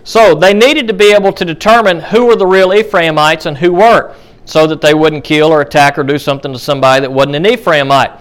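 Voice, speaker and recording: Man, Bible study teacher, slightly high voice, conversational, lots of ums and restarts. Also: fast, smooth. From United States. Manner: conversational, with frequent fillers and restarts.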